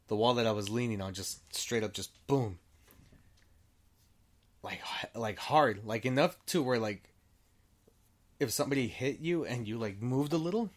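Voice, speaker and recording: A man telling a story in an easygoing, unscripted way, with a voice of ordinary pitch for a man. He wanders, restarts his sentences and swears freely. He acts out the back-and-forth of what people said in little quoted bits. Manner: rambling, with frequent restarts. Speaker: storyteller guest. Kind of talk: casual storytelling.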